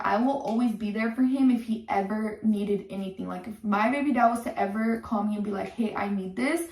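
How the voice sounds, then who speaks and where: A woman's voice: medium pitch, recorded from a distance. A young woman telling a story in a heated, swearing rant, with lots of "like" between her words. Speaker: content creator telling a story. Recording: echoey room, off-mic.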